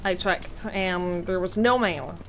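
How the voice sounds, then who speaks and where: A woman's voice: on the low side, slight background noise. A woman streamer chatting casually while playing a video game, rambling with many "like" fillers. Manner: chatty, rambling, full of "like" fillers, quick laughs.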